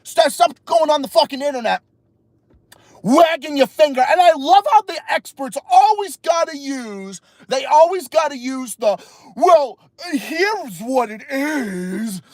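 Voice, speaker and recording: A man hosting a podcast, giving a heated, profane, rambling rant from inside his car in the dark. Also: extremely high pitch, expressive, moderate pace, dry recording. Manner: heated, swearing, rambling with restarts. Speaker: podcast host. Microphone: phone livestream.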